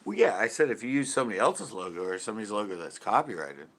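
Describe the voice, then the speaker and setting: A relaxed man chats with viewers on a late-night live stream, sounding a little worn out. His voice sits on the low side but comes across bright and forward, and he laughs softly and lets his sentences trail off. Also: fast. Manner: laid-back, chuckles often, trails off mid-sentence. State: tired. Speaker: channel host reading live chat. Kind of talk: casual livestream chat.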